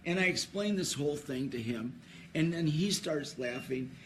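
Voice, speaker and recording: Male trivia announcer, fairly high voice, telling a long rambling story at an awards ceremony. Breaks into laughter, trips over his words, faint room noise behind. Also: expressive, moderate pace. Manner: rambling, laughing, many restarts.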